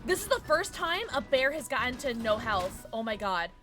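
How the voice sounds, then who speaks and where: A young woman streaming a video game, excitable, swearing and joking about her own play. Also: fairly high pitch, moderate pace, loud music behind the voice. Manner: excitable, swears a lot, self-deprecating. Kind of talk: live gameplay commentary.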